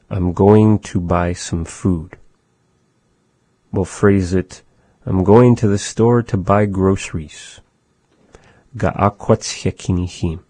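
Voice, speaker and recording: Slow, deep-voiced man teaching a language. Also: no room sound. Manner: slow, thoughtful explaining, softly repeating phrases. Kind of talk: casual language lesson.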